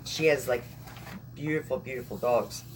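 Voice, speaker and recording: A woman's voice: rumbling low, moderate pace, slight background noise. Chatty, rambling young woman vlogger. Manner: rambling, chatty, laughs often. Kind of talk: casual live-stream chat.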